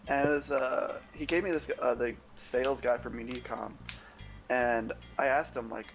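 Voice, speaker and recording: A young man tells a meandering story, slipping into the voices of the people he called. His pitch sits in the middle range, and faint music plays behind him. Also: steady tone, moderate pace, poor audio. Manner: rambling, acts out both sides of phone calls. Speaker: podcast co-host. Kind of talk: casual storytelling chat. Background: faint background music.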